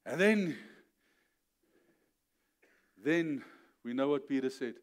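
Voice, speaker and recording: A man preaching a sermon as pastor, telling the story with animated, acted-out voices, often checking in with "okay?" and building to emphatic peaks. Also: medium pitch, slow pace.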